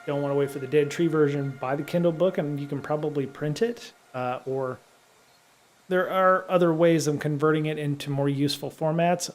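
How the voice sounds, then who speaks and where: A middle-aged man hosting a live stream. He reads from a programming book at a steady pace, then drifts into loose chat full of ums and restarts. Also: fairly high pitch. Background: faint guitar music.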